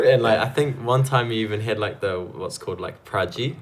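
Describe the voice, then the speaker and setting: A man with a New Zealand accent, a guest on a podcast, talking in an animated, slangy way. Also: mid-range voice, unhurried, hardly any pauses, over a noisy crowd. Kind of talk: casual podcast chat.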